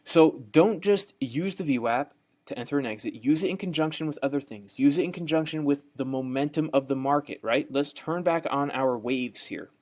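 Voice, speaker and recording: Speaking at a normal speed, this young Southern American man has a voice on the high side with a darkish tone. He walks viewers through a trading course on a screen share, folksy and repetitive, often asking "right?"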